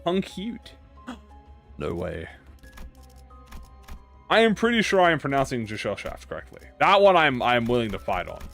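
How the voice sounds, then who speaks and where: A man streams a game and chats loosely with his viewers, cursing often and making fun of himself. His pitch swings widely, landing on a middle-height voice, while quiet music plays in the background. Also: wildly swooping pitch, moderate pace, pauses often. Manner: swears freely, rambling and self-mocking. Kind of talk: casual live-stream game commentary to chat.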